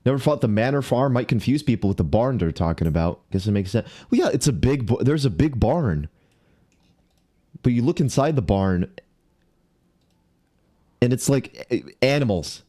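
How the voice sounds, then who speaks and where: A man's voice: medium pitch, big pitch swings, normal speed, pauses often, dark tone. A man livestreaming a game, talking to himself and greeting viewers, mildly exasperated as he searches around. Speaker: streamer. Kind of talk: casual live game commentary.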